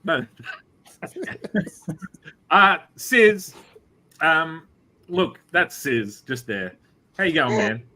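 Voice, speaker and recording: Bright-toned joking Australian host. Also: male voice, fairly high pitch, sing-song, drawn-out words, long pauses, low-quality recording. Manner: jokey, teasing, playful. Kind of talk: casual online show chat.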